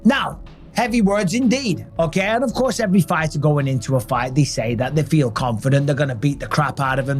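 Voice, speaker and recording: A man with a higher voice gives an emphatic fight preview. He piles up phrases for effect, over faint background music. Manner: emphatic, rhetorical lists. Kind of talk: animated commentary.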